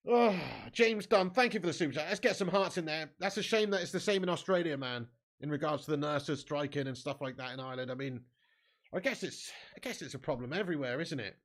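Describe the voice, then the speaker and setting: Casual football streamer. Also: male voice, fairly high pitch, fast talker. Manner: casual, calls viewers mate and lad; erupts into angry shouting at the match. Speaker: football watch-along host. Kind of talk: live watch-along commentary and chat.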